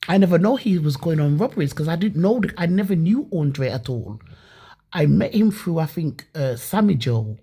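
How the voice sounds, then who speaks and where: A woman's voice: deep voice, lively intonation, normal speed, mellow, slightly rough. A woman from Leeds telling her own story casually and animatedly, with many restarts and some swearing. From Leeds, England.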